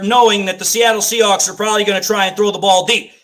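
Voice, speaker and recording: A man's voice: high-pitched, steady tone, fast, fairly bright tone. A man calling a football game live for a fan watch party, ranting and swearing as he repeats his complaints. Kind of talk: live play-by-play fan commentary.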